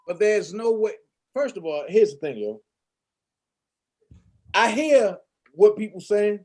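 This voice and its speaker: A man hosts a casual talk show in a very high voice. He speaks bluntly and heatedly, with plenty of swearing. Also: very animated, slow pace, dark tone. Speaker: host. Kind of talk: casual chat.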